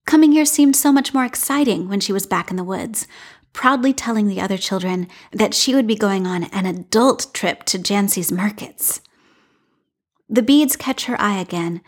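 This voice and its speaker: A woman reading a fan fiction story aloud in a calm, measured narration. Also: medium pitch. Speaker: reader.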